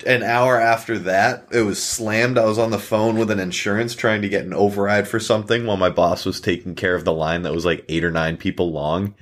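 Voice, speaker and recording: A young man co-hosting a casual podcast, spinning long rambling anecdotes with plenty of fillers. His voice sits low in pitch, and he keeps slipping into quick acted quotes of the people he talks about. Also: steady tone, fairly bright tone. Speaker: podcast co-host. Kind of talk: casual storytelling chat.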